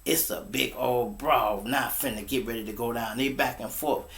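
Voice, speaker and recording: A man hosting his own show, telling a wild personal story in a casual, animated and profane way and acting out the other people's voices. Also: mid-range voice, normal speed, gravelly.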